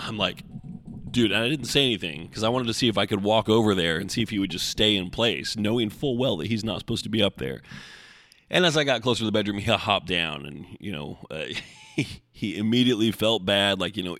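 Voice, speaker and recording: A man's voice: fairly low pitch, brisk, a bit bright, no echo. A man hosting his podcast from home, chatting casually and enthusiastically with lots of fillers. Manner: rambling, enthusiastic, many fillers. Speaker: podcast host. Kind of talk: casual chat.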